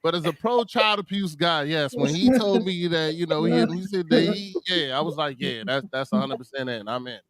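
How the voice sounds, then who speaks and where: A man's voice: a little high, animated, a little fast, few pauses, a crowd in the background. A man judging a comedy game show, giving a joking, stumbling reaction. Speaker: judge.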